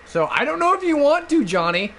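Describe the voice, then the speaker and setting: A drunk man streaming a game over a headset, telling a long, loud, profane story in a rambling way. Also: very high-pitched, sing-song, brisk, a little hiss or hum. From Oregon, United States. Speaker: streamer and gamer. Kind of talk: casual rambling storytelling while gaming.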